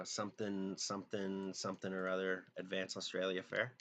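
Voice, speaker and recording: A young man with a deep, low-pitched voice chats loosely on a live drawing stream. He rambles, jokes with his viewers and mumbles bits of songs he half remembers. Faint mouse clicks sit behind his talk. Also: completely flat delivery, moderate pace, few pauses, fairly bright tone, lo-fi sound. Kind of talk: casual live-stream chat.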